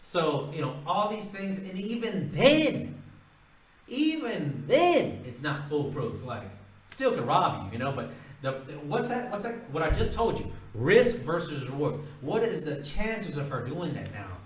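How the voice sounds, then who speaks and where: A man's voice: a little high, big pitch swings, normal speed, roomy sound, distant mic, rough recording. A man giving blunt, emphatic, profane dating advice in a casual monologue, repeating his points. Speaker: dating-tips vlogger.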